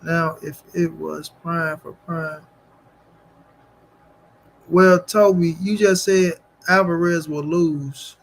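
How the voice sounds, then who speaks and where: A man's voice: on the high side, steady tone, takes it slowly, vocal fry, pauses often. A man hosting a casual boxing livestream, talking straight to his chat in slang and repeating his phrases for emphasis. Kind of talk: casual livestream chat, reading viewer comments.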